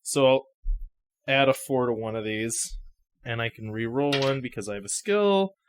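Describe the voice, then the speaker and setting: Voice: medium pitch, normal speed, slight background noise. A player in a tabletop role-playing game, talking casually in a giggly, rambling way.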